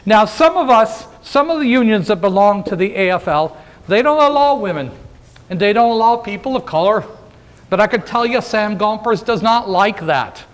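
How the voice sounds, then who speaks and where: A man's voice: sits high, animated, normal speed. A man playing a folksy 19th-century union organizer in a first-person historical role-play, joking with and addressing a live audience. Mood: jovial. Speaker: living-history presenter.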